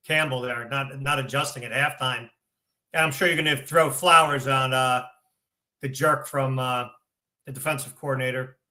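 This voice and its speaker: A man's voice: mid-range voice, sharp tone. A man co-hosting a podcast, teasing and sarcastic in a casual sports chat. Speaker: podcast co-host.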